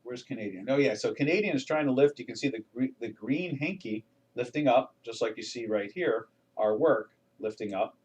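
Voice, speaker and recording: A man's voice: mid-range voice, normal speed, darkish tone, far from the mic. An older man hosting a live trading webinar, talking through charts in a folksy, rambling way with many restarts and fillers. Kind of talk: casual live market commentary.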